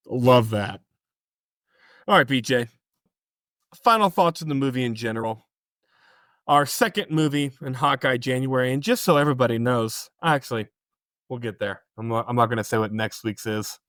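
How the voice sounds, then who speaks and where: A man co-hosting a movie podcast who chats casually, with a blunt, teasing and dry manner. His voice sits at a middle pitch and is recorded close in a dead, dry room. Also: animated, normal speed, long pauses, a bit bright, no room sound. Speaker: podcast co-host. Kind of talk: casual chat.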